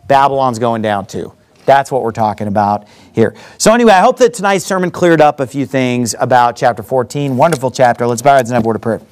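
A man preaching an evening sermon as pastor. He explains scripture verse by verse and acts out the people in the story, then closes in prayer. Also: medium pitch.

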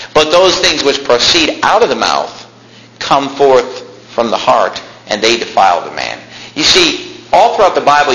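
A man preaching a fiery sermon, swinging between loud raised lines and quiet low ones. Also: reverberant, slight background noise, low-quality recording.

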